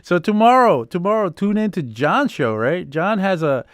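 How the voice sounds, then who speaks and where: A man's voice: high-pitched, sing-song, moderate pace. A man hosting a live music production Q&A over a video call, rambling with many fillers and restarts. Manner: rambling, full of fillers and restarts, laughs easily. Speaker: host.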